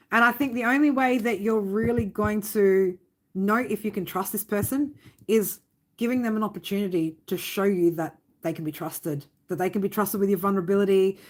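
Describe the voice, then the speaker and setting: A woman reads tarot live for her viewers, with a medium voice that is neither high nor low. She talks straight, giving tough love and swearing freely, and keeps checking in with "right?". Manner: blunt, swearing, fond tough-love talk with many "right?" tags. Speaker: tarot reader.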